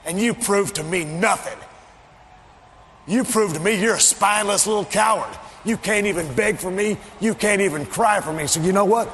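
A man cutting a wrestling promo, taunting and mocking, often shouting. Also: high voice, normal speed. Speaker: pro wrestler. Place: arena. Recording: echoey arena audio with faint background noise.

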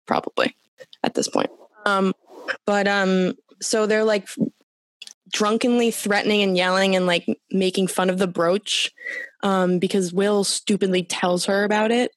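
A woman co-hosting a podcast, retelling TV episodes in animated, profane casual chat. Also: medium pitch, a little slow. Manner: animated and profane, with frequent fillers. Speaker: podcast co-host. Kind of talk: casual chat recapping a TV show.

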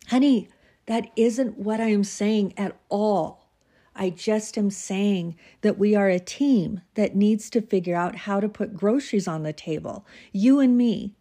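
A woman's voice: mid-range voice, dark tone, natural voice. A woman voicing a patient wife who pleads with and soothes her husband.

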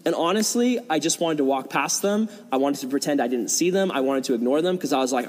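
A young male youth pastor tells a story during a sermon in a large hall before an audience, animatedly acting out quotes with casual fillers. His voice is fairly high and fast with few pauses, and the hall adds long reverb.

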